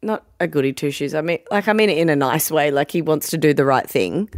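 A woman in her thirties chats on a podcast in a candid, cheeky way and laughs easily. Her voice sits a little low. The sound is close and dry. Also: fast talker, dry recording. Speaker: podcast co-host. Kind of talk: casual chat.

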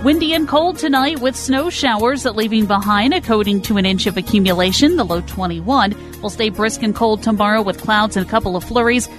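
A female meteorologist reading a radio weather report in a brisk, clear way. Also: on the high side, faint music behind.

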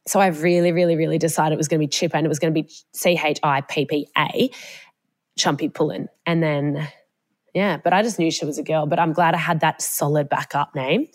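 A woman's voice: deep voice, fairly even intonation, fairly quick. A young Australian woman co-hosting a podcast, telling a personal story in a casual, chatty way and swearing freely. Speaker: podcast co-host. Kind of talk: casual chat. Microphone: podcast mic, remote call.

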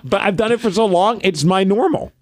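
In a casual podcast chat, a man in his thirties co-hosts, telling animated stories punctuated by frequent laughter. His voice sits high and runs a little fast, and the clean studio sound has no echo.

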